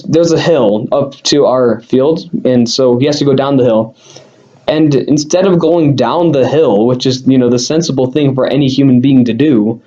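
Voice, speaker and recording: A man's voice: medium pitch, warm tone, dull audio. A young man casually telling a personal story to camera as a vlogger, rambling with lots of fillers and self-deprecating asides.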